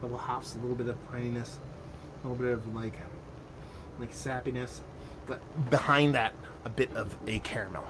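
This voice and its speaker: An excitable man chatting his way through a beer tasting in an easy, animated way. He mocks himself and curses freely, with a mid-pitched voice. Clear background noise runs under his talk. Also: fairly quick, long pauses. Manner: animated, excitable, self-mocking with loose cursing. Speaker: beer reviewer. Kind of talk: casual beer tasting review.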